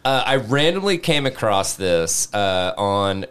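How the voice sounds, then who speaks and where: Man, podcast co-host, casual chat, animated, swears a lot, lively pitch. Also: takes it slowly. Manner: animated, swears freely, laughs often.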